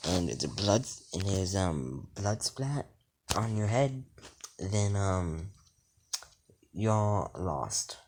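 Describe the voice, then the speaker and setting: A man's voice: low-pitched, big pitch swings, very slow, long pauses, darkish tone, heavily acted, low-quality recording. A man doing a smug teenage hired killer. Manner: smug, offhand, rambling. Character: cocky teenage boy turned cold hired killer.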